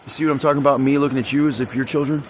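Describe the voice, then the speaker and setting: A man's voice: medium pitch, fairly even intonation, rapid-fire, a little mellow, slight background noise. A man rambling and venting in an agitated monologue, swearing heavily as he talks. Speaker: vlogger.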